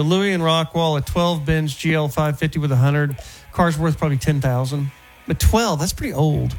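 A man hosting a radio talk show, joking and telling stories in a casual, animated way from the studio. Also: fairly high pitch, moderate pace, soft background music. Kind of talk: casual sports radio chat.

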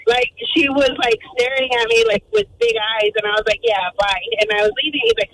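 A woman calling into a radio show, telling a story in an animated way, full of fillers and acted-out quotes. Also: fairly high pitch, brisk, few pauses, a little hiss or hum, poor audio. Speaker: caller.

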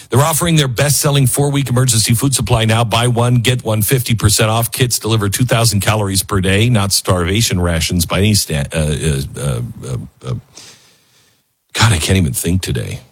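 A man's voice: on the low side, breathy edge. A man hosting a talk radio show, rambling and self-mocking as he reads ads and reacts to headlines. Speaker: radio host.

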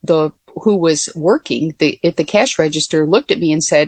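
A woman's voice: low-pitched, normal speed, darkish tone, no echo. An older woman, a former Air Force pilot, telling stories in a casual interview with many fillers and restarts.

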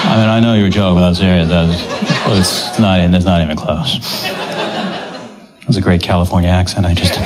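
A man's voice: low voice, fairly even intonation, fast talker, a loud crowd. A man performing a stand-up set on stage with a dry, understated delivery. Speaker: stand-up comedian. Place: comedy stage before an audience. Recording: loud background noise.

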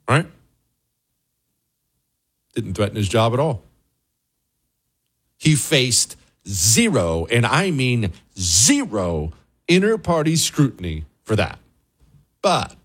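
A male talk show host with a lively, swooping delivery. He runs a sarcastic political monologue and answers viewer questions as he goes. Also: fairly low pitch.

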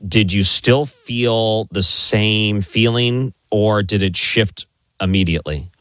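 Low-voiced man hosting an interview. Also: slow pace, no room sound. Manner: steady, probing, recaps the story. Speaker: interview host. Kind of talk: interview questioning.

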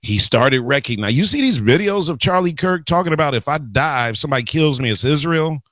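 A man's voice: a little high, fairly quick, few pauses, no echo. Radio guy going off on politics, rambly, talks to y'all, dry close sound. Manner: animated, rambling, addresses listeners as y'all and guys. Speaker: radio talk show host. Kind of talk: casual political talk radio monologue. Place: radio studio.

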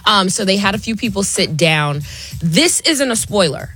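A woman on a radio show excitedly recapping a TV episode in a fast, chatty way. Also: medium pitch, slight background noise. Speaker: radio co-host.

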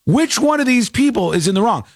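A man's voice: extremely high pitch, big pitch swings, fairly quick, no room sound. A man hosting a talk radio show, chatting casually and laughing as he mimics people in mocking quotes. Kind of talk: casual on-air commentary.

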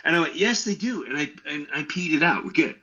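A man's voice: fairly high pitch, quick pace, breathy edge, highs cut off. A middle-aged man telling stories in casual chat, acting out the people in them. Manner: animated storytelling, acting out voices. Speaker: guest comedian.

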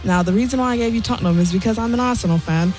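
Giggly high-voiced woman on radio. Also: rapid-fire, darkish tone, soft background music. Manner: giggly, chatty, playful. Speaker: show team member giving soccer picks. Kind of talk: casual radio chat.

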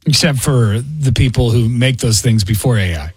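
A man's voice: mid-range voice, lively intonation, normal speed, husky. A man hosting a radio morning show, talking in blunt, sarcastic banter. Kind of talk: casual studio banter. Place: radio studio.

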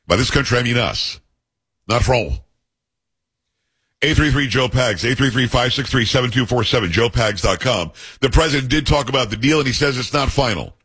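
A man's voice: medium pitch, lively intonation, moderate pace, fairly bright tone, breathy edge. A man hosting a talk radio show, reading news aloud and giving emphatic, opinionated commentary while joking with his co-hosts.

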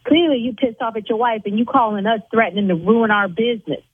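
Indignant husky woman on a tinny phone. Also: quick pace, dry recording. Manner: indignant, voice climbing high when angry. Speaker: eyelash salon owner. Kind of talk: phone call.

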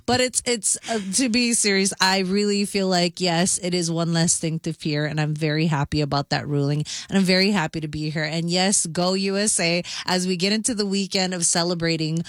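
A woman's voice: fairly low pitch, steady tone, fairly quick, few pauses, no echo, studio quality. A young woman from Hawaii, a radio co-host, sharing a casual, rambling opinion with easy laughs. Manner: chatty, rambling, laughs easily.

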